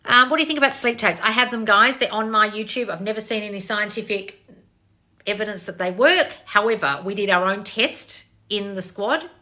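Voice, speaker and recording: Blunt, sweary woman coach, bright voice. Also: medium pitch, brisk. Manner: blunt, sarcastic, swears freely. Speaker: manifestation coach. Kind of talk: live stream answering chat.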